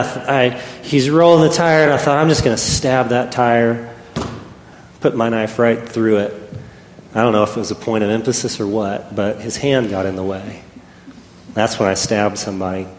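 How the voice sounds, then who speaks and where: A man preaching a sermon, telling a personal story and swinging between loud and hushed delivery. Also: mid-range voice, a little hiss or hum. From Texas. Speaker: pastor. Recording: echoey hall with faint ambience.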